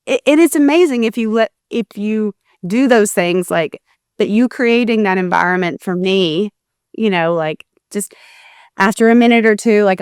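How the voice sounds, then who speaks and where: A woman's voice: mid-range voice, clear, resonant tone, dry recording, clean studio sound. A woman co-host chatting on a talk show, emotional and rambling as she cuts herself off and restarts her sentences. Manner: emotional, rambling, self-interrupting. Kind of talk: conversational chat.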